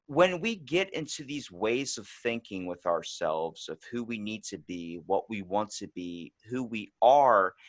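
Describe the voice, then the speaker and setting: A man hosting a podcast, telling stories in a casual, animated way with frequent restarts. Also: mid-range voice, no echo. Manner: animated storyteller, restarts often. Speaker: podcast host. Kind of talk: casual conversation.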